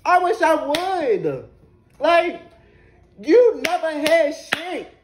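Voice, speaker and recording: A man's voice: very high-pitched, very animated, drawn-out words, slight background noise. A man in his twenties telling an angry, profane storytime rant to camera, repeating lines for emphasis. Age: 20s. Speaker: vlogger.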